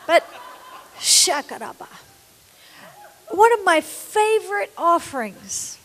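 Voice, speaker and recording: A woman's voice: high voice, in a large hall. A woman preacher telling a story in a sermon, emotional and repetitive, sometimes dropping to a whisper. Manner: emotional, drops to whispers, repeats words.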